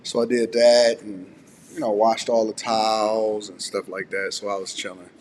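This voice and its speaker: A man hosting a casual live stream from home, relaxed and a bit groggy with a slightly raspy voice, chatting and reading viewer messages aloud. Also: on the low side, normal speed, in a large hall, a little hiss or hum. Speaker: host.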